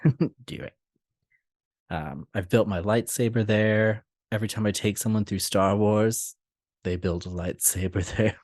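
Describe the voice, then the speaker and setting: Laughing low-voiced man chatting. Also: measured pace, no echo, studio quality. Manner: laughing often, animated storytelling. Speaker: podcast co-host. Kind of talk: casual chat.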